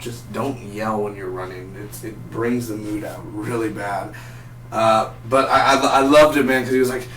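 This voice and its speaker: Young man reviewing an episode, rambles and acts out lines, echoey room, distant mic, faint hum behind. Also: medium pitch. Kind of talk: casual review vlog.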